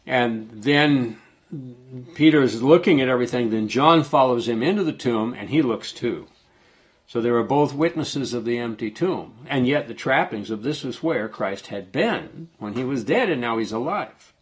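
A man's voice: mid-range voice, expressive, normal speed. A man teaching from the Bible in a sermon, reading passages aloud and then explaining them in a plain, conversational way, with frequent restarts and self-corrections. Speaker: preacher.

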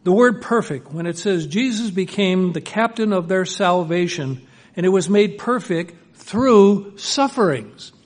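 Male preacher, slightly high voice, earnest, moves between hushed and emphatic delivery. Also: animated, measured pace. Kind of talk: sermon.

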